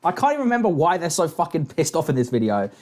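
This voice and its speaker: A man's voice: fairly high pitch, wildly swooping pitch, fast, darkish tone. A British man reacting to a clip with mocking, profane, rambling commentary and frequent laughter. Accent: British English.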